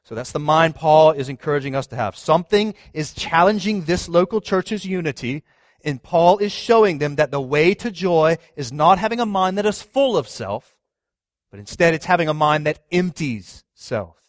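A man in his thirties, a pastor preaching a sermon, asking the congregation questions and swinging from loud stress to hushed words. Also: on the high side, lively intonation, normal speed, no room sound, clean studio sound.

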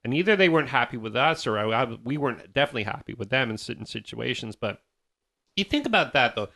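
Man, mid pitch, lively storyteller who acts out the dialogue, casual podcast chat. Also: fast, creaky. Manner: animated storyteller, acts out quotes, swears. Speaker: band member telling tour stories.

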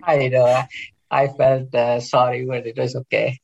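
A middle-aged man with a gravelly voice chats as a guest, telling long stories about his work and family. He restarts his sentences often and speaks in a relaxed, unscripted way. The sound is a little dull and lo-fi. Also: mid-range voice, unhurried, slight background noise. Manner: rambling, warm storytelling with restarts. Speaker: interventional cardiologist guest. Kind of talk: casual interview chat.

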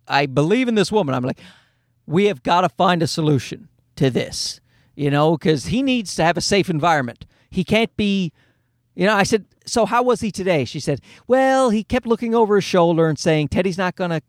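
A man's voice: sits high, dry recording, studio quality. A man, telling a personal story in a heated, casual ranting way. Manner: heated, ranting, quotes others in his own voice.

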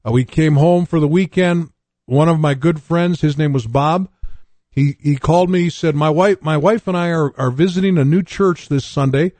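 An older male preacher from North Dakota delivers an earnest radio sermon, weaving personal testimony with scripture. His voice sits a touch high for a man and is recorded close and dry, with no room sound. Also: normal speed, darkish tone, no echo.

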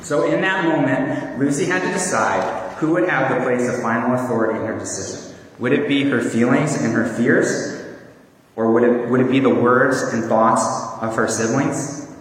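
A man's voice: mid-range voice, moderate pace. A man preaching a sermon in an earnest, conversational way with small fillers. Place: church hall. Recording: echoey hall from far off.

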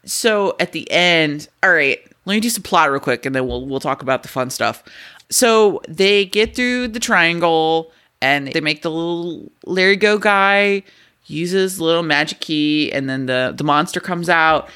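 A man's voice: a little high, a little slow, sharp tone, clean tone. A man co-hosting a podcast, recapping a movie plot casually, laughing and swearing often. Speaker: podcast co-host. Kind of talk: casual chat, movie review.

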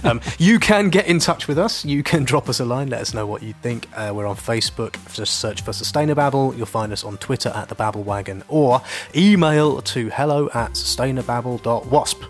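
A man's voice: mid-range voice, brisk, soft background music. A man co-hosting a podcast, chatting casually and telling a long joke in a playful way. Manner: playful, joking. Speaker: podcast co-host.

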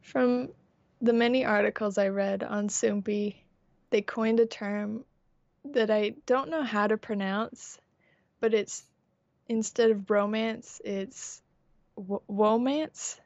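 A woman's voice: mid-range voice, fairly even intonation, slow pace, gravelly, a little mellow, no echo. Playful woman podcast co-host, dull sound. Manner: playful, laughs often. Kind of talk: casual chat.

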